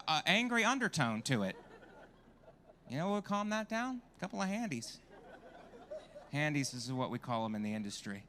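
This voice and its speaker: A man's voice: sits high, very animated, normal speed, pushed and bright, slight background noise. A man doing a stand-up comedy set on a club stage, brash and crowd-working, swearing freely into a handheld mic.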